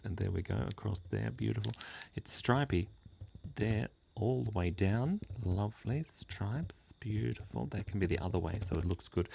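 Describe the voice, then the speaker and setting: A man's voice: low voice, vocal fry, a little mellow, slight background noise. A man hosting a live drawing stream, chatting playfully and gushing with praise as he draws. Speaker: drawing livestream host.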